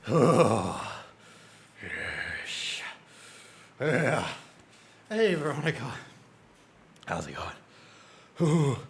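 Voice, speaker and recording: A man chatting casually on a live game stream, excitable and full of quick exclamations. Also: mid-range voice, gravelly, slight background noise.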